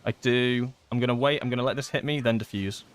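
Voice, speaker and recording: A man giving live gameplay commentary, thinking aloud and excitedly pleading with his teammates. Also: mid-range voice, fast, a little hiss or hum. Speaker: gaming content creator.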